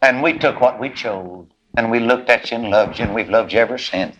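A man preaching a sermon, voicing a loving adoptive father who gently reassures his son. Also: mid-range voice, fairly quick, dull audio, close to an everyday voice. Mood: tender. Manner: tender, comforting.

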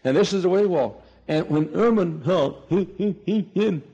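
An older man preaching a sermon, telling stories with emphatic swings between loud and hushed delivery. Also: high voice, normal speed, slightly rough, highs cut off. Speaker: pastor.

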